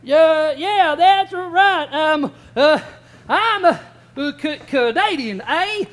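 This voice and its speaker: A man's voice: extremely high pitch, lively intonation, slow, a bit bright, exaggerated voice. A man playing a pompous, goofy showoff who cracks jokes and makes sound effects in a kids' church lesson. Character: pompous showboating man, high silly voice. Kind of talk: kids' comedy skit.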